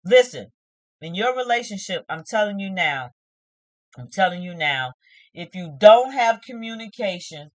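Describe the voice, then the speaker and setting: A woman's voice: mid-range voice, no room sound. A woman hosting a casual reality-TV review vlog, opinionated and talking straight to her viewers. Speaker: host of a TV review channel.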